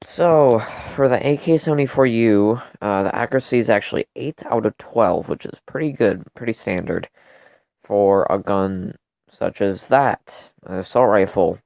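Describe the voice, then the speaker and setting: A young man in a low, gravelly but smooth voice hosts a casual gaming video, rambling through stats with constant fillers and second-guessing. He sounds close and dry, recorded at home on a desktop mic. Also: normal speed, a little mellow, no room sound. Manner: rambling, self-correcting, lots of fillers. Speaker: gaming channel host. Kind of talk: casual gun comparison commentary. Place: home room during a thunderstorm.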